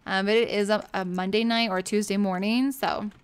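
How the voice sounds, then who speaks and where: A woman's voice: mid-range voice, fairly even intonation, a little fast, smooth. Chatty woman gushing through gameplay. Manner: chatty, giggly, gushing over the game. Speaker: gameplay streamer. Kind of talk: casual gameplay commentary.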